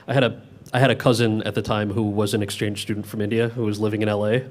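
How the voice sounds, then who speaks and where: A man in his thirties, an actor answering audience questions in a relaxed Q&A, often restarting his sentences. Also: on the low side. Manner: talks fast with many quick restarts. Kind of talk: casual Q&A answers.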